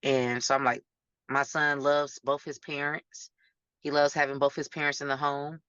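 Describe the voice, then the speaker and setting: A woman's voice: deep voice, level tone, moderate pace, fairly bright tone, clean tone, no room sound. A woman guest talking candidly and bluntly in an interview. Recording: dull lo-fi sound.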